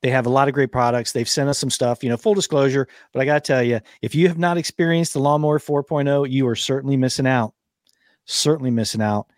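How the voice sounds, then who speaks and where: A man's voice: medium pitch, quick pace, dry recording, studio quality. A man co-hosting a podcast, chatting casually and joking with a folksy manner, laughing often. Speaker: podcast co-host. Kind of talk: casual chat with ad read. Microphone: studio microphone.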